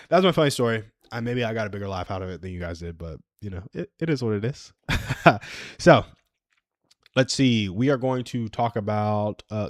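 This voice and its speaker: Twenties male stream host, low voice, dry close sound, rambling and self-amused. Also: no echo. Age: 20s. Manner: rambling and self-amused, chuckles at his own stories. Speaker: livestream host. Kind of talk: casual solo livestream chat.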